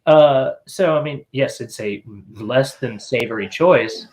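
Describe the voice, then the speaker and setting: A man's voice: mid-range voice, measured pace, darkish tone. A man co-hosting a casual podcast chat, joking and laughing often. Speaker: podcast co-host.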